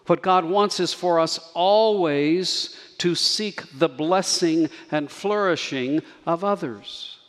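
A man preaching a sermon as pastor, measured and earnest, slowing down to stress key words. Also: on the high side, big-room sound. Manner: measured, earnest preaching with slow emphatic pauses.

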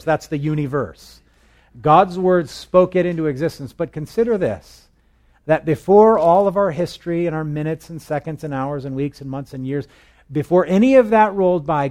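A man with a somewhat high, slightly mellow voice leads a casual walk through a Bible passage. He chats with the room, poses questions to his listeners, and tells jokes.

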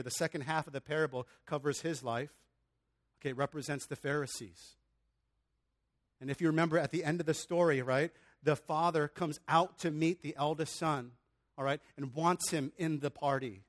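A man's voice: a little high, normal speed. A man preaching a sermon in an earnest, conversational way, often restarting his phrases and adding casual asides. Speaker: pastor.

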